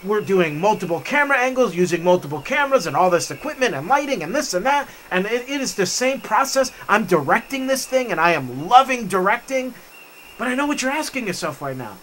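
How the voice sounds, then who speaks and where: Enthusiastic male vlog storyteller, high bright voice, faint outdoor background. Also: sing-song, brisk, slight background noise. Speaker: vlog host. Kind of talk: storytelling while hiking. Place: forest trail outdoors.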